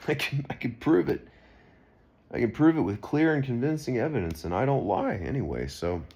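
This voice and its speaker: A man's voice: mid-range voice, animated, moderate pace, gravelly, mellow, breathy edge. A man talking straight to camera in an unscripted monologue, rambling and earnest with frequent restarts. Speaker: video blogger.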